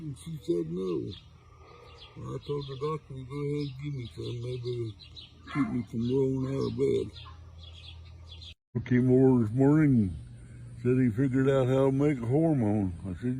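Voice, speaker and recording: An older man with a gravelly, warm, low-toned voice tells folksy, rambling jokes outdoors. Birds and faint outdoor noise sit behind him. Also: moderate pace, pauses often, poor audio. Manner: folksy rambling delivery with many wells. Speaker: joke teller. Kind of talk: telling dirty jokes.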